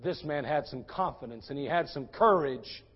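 A man with a high voice preaches a sermon, lively and animated, slipping into different voices to act out the people in his stories. The recording is dull and lo-fi, as if captured at a church service. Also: moderate pace, slightly rough. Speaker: pastor.

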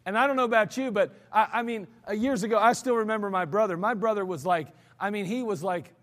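A man preaching a sermon to his congregation, telling stories in a loose, conversational way with animated acted quotes, recorded in a church sanctuary. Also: high-pitched, quick pace. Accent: American. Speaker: pastor. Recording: church hall reverb.

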